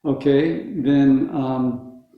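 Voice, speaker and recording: Slow-talking male teacher in an echoey room. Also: medium pitch, fairly even intonation, narrow, tinny audio. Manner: slow, patient, repeats words for the group. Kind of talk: teaching Sanskrit pronunciation to a group.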